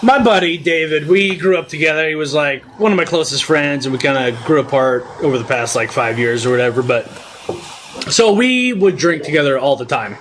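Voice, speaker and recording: A man's voice: a little high, animated, fairly quick, a bit bright, slight background noise, low-quality recording. A man co-hosting a podcast, chatting casually with a laugh as he starts a story about an old friend. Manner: laid-back, laughing, starting his own story. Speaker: podcast co-host. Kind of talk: casual chat.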